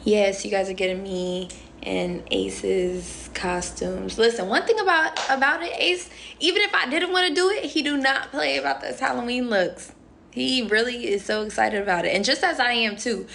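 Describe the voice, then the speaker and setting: A fairly high, gravelly voice, bright and forceful, belongs to a young woman livestreaming from her phone as a reality show contestant. At a moderate pace she answers comments playfully, rambling with plenty of "um" and "like," over a little hiss or hum.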